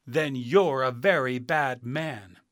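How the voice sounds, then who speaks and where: A man's voice: slow, lightly acted. A man voicing an earnest, direct young girl in a storybook reading. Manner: earnest, raised pitch.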